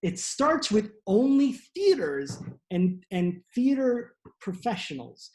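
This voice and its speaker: A man's voice: high voice, very animated, slow pace, darkish tone. A man, a playwright, tells a history story in a loose, rambling, profane comic style with many restarts. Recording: echoey room.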